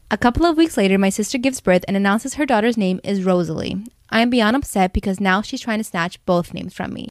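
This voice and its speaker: A woman reading stories aloud in a quick, steady storytelling delivery. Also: medium pitch, no echo, clean studio sound.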